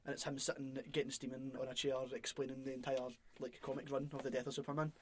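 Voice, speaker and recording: A man's voice: mid-range voice, level tone, quick pace, slight background noise. A young Scottish man co-hosting a podcast, rambling in casual chat, laughing often and swearing. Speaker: podcast co-host.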